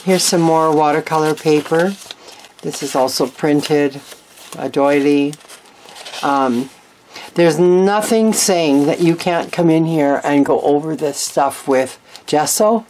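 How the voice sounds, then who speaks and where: A woman's voice: low voice, takes it slowly, darkish tone, slight background noise. A woman hosting a craft channel, showing her handmade journal in a chatty, meandering way with frank asides. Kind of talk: casual craft show-and-tell.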